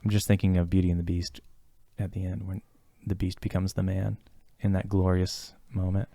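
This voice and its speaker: Low-ish male voice, earnest podcast chat, thinking out loud, dry close mic. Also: level tone, normal speed, creaky, no echo. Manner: reflective, earnest, many fillers and restarts. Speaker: podcast co-host talking about therapy. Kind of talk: casual podcast conversation.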